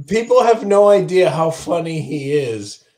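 A man's voice: a little high, a little slow. A man guesting on a comedy podcast, effusive and laughing as he tells stories. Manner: effusive, laughing, animated storyteller. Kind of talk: casual comedy podcast chat.

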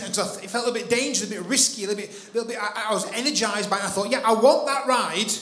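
A man preaching in church, telling a personal story with animated delivery and acting out his own thoughts. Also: high voice, echoey room. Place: church hall.

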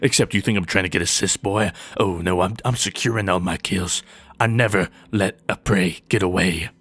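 A man's voice: sits low, normal speed, a bit bright, husky. A young man giving jokey gameplay commentary, talking to opponents and himself as he plays. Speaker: gaming YouTuber.

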